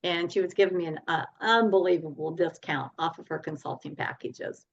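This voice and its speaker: A woman guest telling her story in a podcast interview, animated and laughing often. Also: on the low side, a little fast, dull audio. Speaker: guest speaker and coach.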